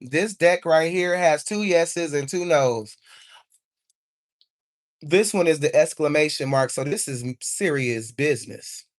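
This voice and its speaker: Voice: mid-range voice, lively intonation, measured pace. Live intuitive card reader, chatty and encouraging, tags "okay?" after each point. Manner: encouraging, repeats "okay?" often; informal speech, calls on angels.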